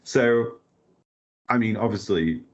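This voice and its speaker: A man with a lowish voice co-hosts a podcast at a slow pace, chatting casually, joking, rambling, and laughing often. The recording sounds slightly dull and lo-fi.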